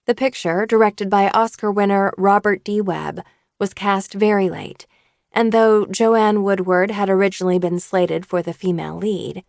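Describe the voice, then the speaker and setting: A woman narrating an audiobook in a steady scripted reading. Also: mid-range voice, creaky, dry recording, clean studio sound.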